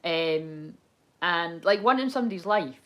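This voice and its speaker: A woman's voice: on the low side, expressive, unhurried, fairly bright tone. Young woman rambling through a tarot reading, swears a lot, super casual. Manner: rambling, candid, swears and laughs often. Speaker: tarot card reader.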